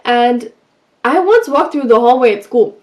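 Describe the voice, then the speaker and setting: A woman vlogger giving advice in a casual, animated way, telling stories from her school days and acting out what people said. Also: fairly high pitch, a little slow. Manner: animated, acts out quoted lines. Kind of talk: casual storytelling advice vlog.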